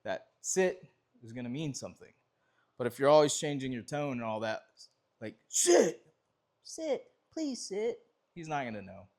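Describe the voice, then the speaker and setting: Relaxed, rambling man teaching dog obedience. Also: mid-range voice, brisk. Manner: relaxed, rambling explanations with restarts and fillers. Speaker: dog trainer. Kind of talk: casual training demonstration.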